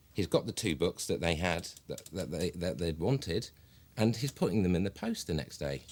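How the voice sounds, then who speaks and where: An actor playing an earnest, deadpan male publisher who is a clueless amateur actor, talking in halting, literal asides. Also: sits low, exaggerated voice. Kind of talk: mock documentary interview.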